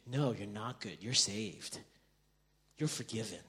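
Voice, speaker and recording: A man preaching a sermon as pastor, telling stories in an animated way and acting out the dialogue, swinging between loud bursts and quiet stretches. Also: fairly low pitch, a little slow. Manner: animated storytelling, acting out quoted dialogue with big swings in loudness.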